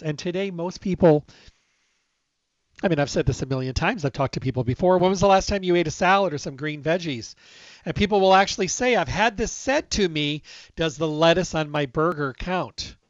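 A man's voice: fairly high pitch, dry recording. Emphatic middle-aged man, dry dull audio. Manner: emphatic, conversational, acts out quoted dialogue. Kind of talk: casual storytelling monologue. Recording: dull, slightly lo-fi dry recording.

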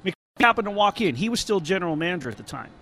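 A man with a high voice talks sports on the radio as a local reporter. He tells stories in an animated, casual way and restarts his sentences often. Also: racing, slight background noise. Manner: animated, storytelling with many restarts.

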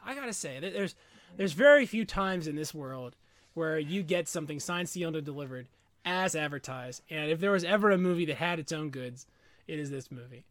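A man co-hosting a casual movie review podcast, animated and jokey, often mimicking lines from the film. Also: a little high, fairly quick, no echo. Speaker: podcast co-host.

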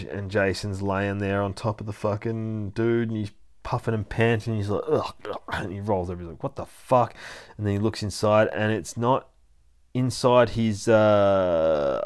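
Low-voiced guy swearing his way through a comic recap, gets all worked up and laughs a lot. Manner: profane and excitable, laughs often. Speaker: comic book reviewer. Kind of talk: casual comic book recap.

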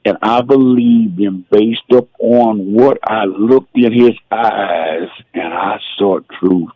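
A former football player calls in as a guest on a radio show and tells his story emotionally, tearful and exclaiming "geez". His voice is fairly low and slow. The audio is dry and sounds like a phone line.

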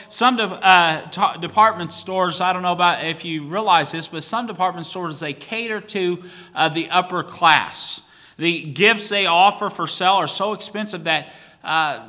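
A man preaching a sermon as pastor, swinging between quiet asides and rising bursts of emphasis. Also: sits high, long reverb tail.

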